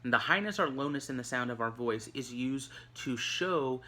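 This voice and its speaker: Bright-voiced male teacher, chatty. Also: mid-range voice, expressive, normal speed. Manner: conversational, many fillers and restarts. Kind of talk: recorded online lesson. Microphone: recorded for an online video.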